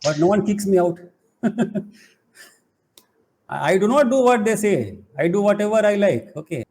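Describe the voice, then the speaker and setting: A middle-aged man, giving an animated spiritual talk full of playful, emphatic rhetorical questions. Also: high-pitched, moderate pace. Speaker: spiritual teacher and college head.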